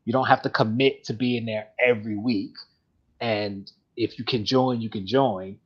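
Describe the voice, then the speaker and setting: A man's voice: mid-range voice, breathy edge. A man hosting a live collectibles show, talking casually in a rambling, chatty way and laughing often. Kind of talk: casual live-stream chat. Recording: dull lo-fi stream audio.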